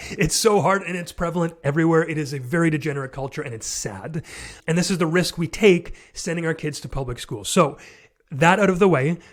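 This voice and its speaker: A man's voice: on the high side, fairly quick. A man hosting a podcast, answering listener questions in an earnest, conversational way and thinking aloud as he goes. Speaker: podcast host. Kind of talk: solo Q&A podcast.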